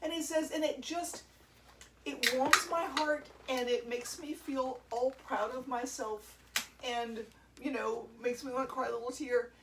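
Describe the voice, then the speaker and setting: A woman's voice: high-pitched, steady tone, a little slow, recorded from a distance, very noisy. A woman who plays drums in a band, chatting on a casual livestream, laughing often and rambling through stories. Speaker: drummer and show host. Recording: roomy sound from away from the mic.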